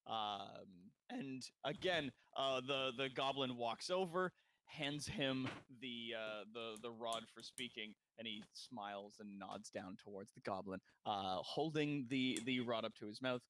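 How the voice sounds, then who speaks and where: A man's voice: mid-range voice, measured pace, fairly bright tone, a little hiss or hum. Casual male dungeon master narrating. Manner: casual narration with frequent fillers and restarts. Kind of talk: narrating a tabletop game.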